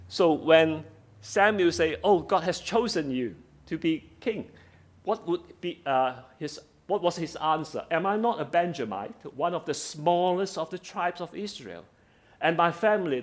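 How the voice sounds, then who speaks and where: Man, slightly high voice, sermon, reads verses aloud, explains simply, frequent restarts. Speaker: preacher. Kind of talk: sermon, Bible study exposition.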